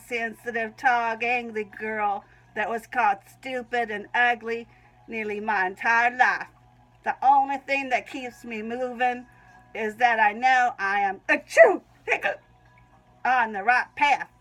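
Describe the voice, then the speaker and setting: A woman's voice: a little high, bright, forceful tone, rough recording. A woman with a Southern US accent reads her own Christian writing aloud, often breaking off to sneeze and giggle. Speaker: Christian vlogger.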